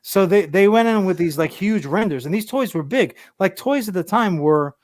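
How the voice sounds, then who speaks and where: Male co-host, profane rambling storyteller, a bit high-pitched, dry recording. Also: animated, normal speed, no room sound. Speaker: podcast co-host. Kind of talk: casual chat.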